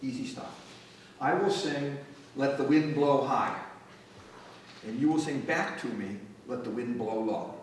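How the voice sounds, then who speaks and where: A man's voice: medium pitch, measured pace, long pauses, slight background noise. A man telling jokey stories between songs at a live folk concert, coaxing the audience to sing along. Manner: chatty, joking, coaxes audience to sing along. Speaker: folk musician. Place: public library event room. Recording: echoey room, far-off mic, guitar.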